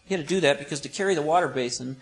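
High-voiced man preaching. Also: rapid-fire. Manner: vivid, storytelling delivery with humorous asides. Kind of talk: expository sermon.

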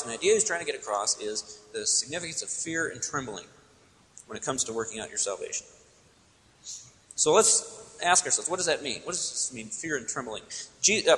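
A man's voice: fairly high pitch, sharp tone. Emphatic preacher man in a reverberant hall. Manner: emphatic, teacherly, asks and answers own questions. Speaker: pastor. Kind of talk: expository sermon.

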